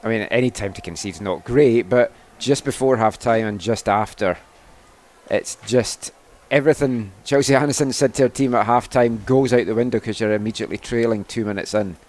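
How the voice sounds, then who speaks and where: A man giving color commentary on a live women's football match, talking through the play in a relaxed, chatty way with frequent restarts. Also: on the low side, a little fast. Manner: chatty analysis with restarts and "I mean".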